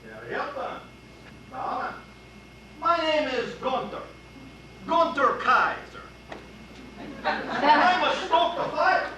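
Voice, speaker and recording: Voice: high voice, big pitch swings, slow, pauses often, bright, forceful tone, a little hiss or hum, heavily acted. Gunther, an actor doing a stern German caretaker. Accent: put-on German. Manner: formal, clipped, commanding. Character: stiff, brusque male German caretaker. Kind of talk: amateur stage acting. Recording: distant stage voice in echoey hall with audience.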